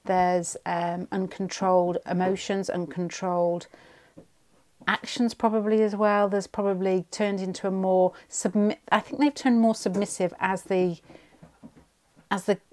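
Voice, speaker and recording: A woman reads tarot cards at home for a pick-a-card video, with a voice pitched in the middle range. She thinks aloud as she goes and rambles through her reading. She often breaks off and restarts her sentences. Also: little pitch movement, a little slow, a little mellow.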